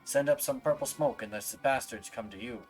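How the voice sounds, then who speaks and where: A man voicing a grumbling low-born soldier from a game, reading in a rough, folksy, low-key manner. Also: brisk, soft background music, natural voice. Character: grumbling common male soldier.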